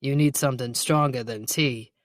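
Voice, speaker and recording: A man's voice: mid-range voice, fairly even intonation, moderate pace, dry recording, lightly acted. A man voicing a wry male police detective who teases his partner in dry banter, in an audiobook. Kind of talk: audiobook dialogue reading.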